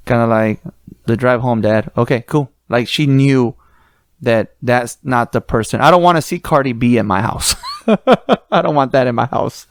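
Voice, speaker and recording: A man co-hosting a casual podcast chat, talking in a relaxed, slangy way about his kids. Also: medium pitch, moderate pace, no room sound. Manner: relaxed, slangy, says bro and dude. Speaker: podcast co-host.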